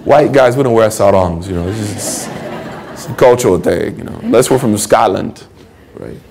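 A man giving a conversational, animated sermon, acting out the voices of people he quotes. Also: on the low side, moderate pace, creaky, some chatter behind. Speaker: preacher. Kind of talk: lecture sermon.

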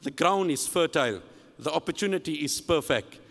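High-voiced man preaching in a reverberant hall. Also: normal speed, gravelly. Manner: animated, acts out dialogue in the story. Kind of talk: sermon storytelling.

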